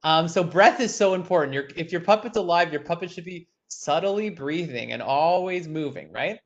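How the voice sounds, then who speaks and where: A young man with a fairly high voice leads a virtual puppetry workshop. He talks in an animated way and drops into quick puppet voices to demonstrate. The audio is a little dull and lo-fi, as on a video call.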